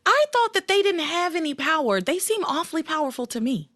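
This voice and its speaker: Woman podcast host, bouncy high voice, acts out the lines as she recaps, dry close sound. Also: a little fast, no echo. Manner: animated, acts out characters' lines mid-story. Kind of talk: casual recap chat.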